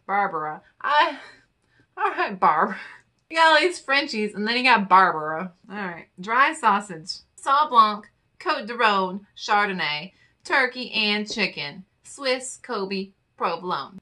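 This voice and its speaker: A woman vlogger reads wine charts and infographics aloud in a casual, playful chat, adding muttered asides. Her mid-range voice has a sharp tone.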